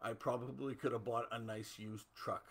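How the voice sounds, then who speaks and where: A man's voice: mid-range voice, fairly even intonation, moderate pace, fairly bright tone. A middle-aged man from Canada hosting a casual livestream, chatting loosely and answering viewer comments. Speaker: host.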